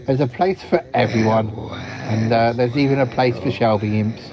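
A man playing a male pest exterminator in an improvised comedy podcast, who talks haltingly and keeps saying quack. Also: mid-range voice, fairly even intonation, lightly acted. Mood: cheerful. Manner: halting, full of ums and repeated quacks. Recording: dull lo-fi recording with crowd behind.

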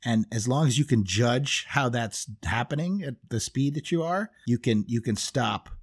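A man's voice: mid-range voice, expressive, normal speed, husky. A middle-aged man chatting casually as a podcast co-host, rambling with restarts and frequent laughs. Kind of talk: casual chat.

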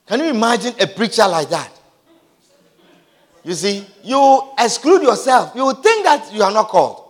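A man's voice: high-pitched, sing-song, normal speed. A male preacher giving a sermon, repeating his points and often asking the congregation whether they understand. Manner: repeats lines and asks the crowd if they understand. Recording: long hall reverb.

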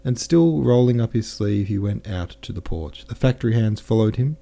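A man narrates a classic novel in a measured, careful reading, pausing to correct the odd slip. His voice is low and strikingly dark and mellow. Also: lively intonation, creaky. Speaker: audiobook narrator.

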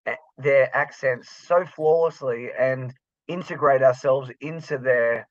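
A man's voice: mid-range voice, measured pace, dry recording, lo-fi sound. An Australian man co-hosting a casual podcast over a remote call, joking with sarcastic exaggeration. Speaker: podcast co-host. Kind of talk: casual chat.

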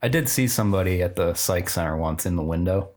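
Very deep husky-voiced man. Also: a little mellow, faint music behind. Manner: halting, searching for words. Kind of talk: casual chat.

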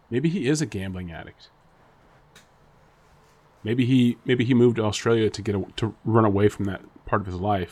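A man's voice: on the low side, husky. A man co-hosting a casual podcast chat, rambling and speculating with frequent laughs and restarts. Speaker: podcast co-host.

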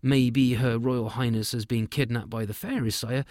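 A man's voice: mid-range voice, fairly even intonation, moderate pace, darkish tone, dry recording, clean studio sound, close to an everyday voice. A man voicing a dutiful captain of the city guard, reporting formally and deferentially.

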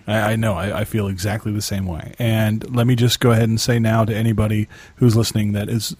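Low-voiced man on a dry call. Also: darkish tone, no room sound. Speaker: podcast co-host. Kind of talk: casual podcast chat. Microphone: video call.

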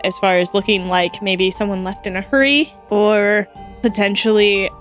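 A woman's voice: mid-range voice, fairly even intonation, moderate pace, soft background music. Chatty woman describing her character. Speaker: player. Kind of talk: playing a tabletop game.

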